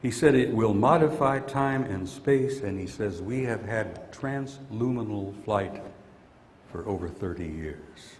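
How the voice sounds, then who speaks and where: A man's voice: on the low side, expressive, unhurried. Grumpy old guy ranting at a conference, blunt, hall echo trailing off. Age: older. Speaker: conference speaker. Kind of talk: conference talk.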